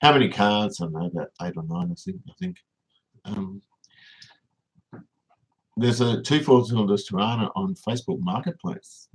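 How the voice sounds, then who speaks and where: A man's voice: on the low side, lively intonation, normal speed, pauses often, rough recording. An Australian man hosting a casual livestream, rambling and reading viewers' comments aloud as he answers them. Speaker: livestream host.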